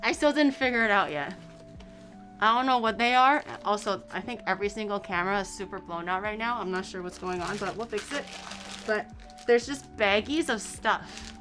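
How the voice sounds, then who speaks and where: A woman's voice: mid-range voice, normal speed, fairly bright tone, faint music behind. A young woman streaming, rambling casually about her day with swearing and laughs. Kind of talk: casual chat.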